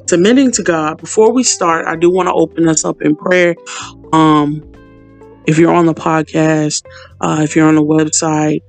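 A woman hosting a podcast Bible study, talking casually and earnestly to her listeners and leading them in fervent prayer. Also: fairly low pitch.

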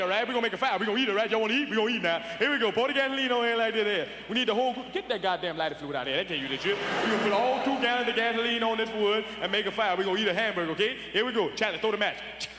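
A man's voice: sits high, sharp tone, voice pushed up. A man playing a bossy middle-aged uncle barking orders at a cookout grill, in a stand-up show. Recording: echoey live venue with crowd noise.

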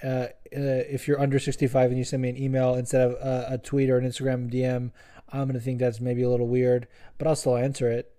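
A man's voice: medium pitch, monotone, fast, dark tone. A young man hosting a podcast, chatting in a rambling, profane, joking way. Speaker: podcast host. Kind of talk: casual podcast chat.

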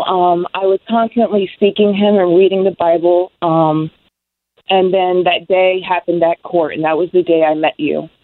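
A young woman giving an emotional personal testimony of her recovery, halting with many ums. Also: on the low side, dry recording. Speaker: guest sharing recovery story. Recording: dry tinny phone-like sound.

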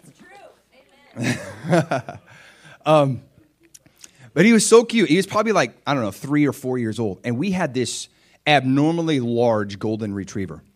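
A middle-aged man preaching a sermon as pastor, animated and laughing often, speaking directly to his congregation. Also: mid-range voice, normal speed, pauses often.

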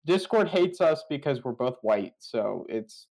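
A man's voice: mid-range voice, animated, a little slow, gravelly, darkish tone, low-quality recording. A young man co-hosting a podcast over a voice call, chatting casually, sarcastic and swearing freely. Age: young adult. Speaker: podcast co-host. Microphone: computer mic over a voice call.

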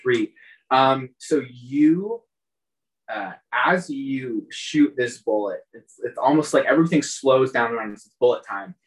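A man's voice: medium pitch, a little slow, low-quality recording. A man narrating as game master of a tabletop game, loose and rambling with many fillers.

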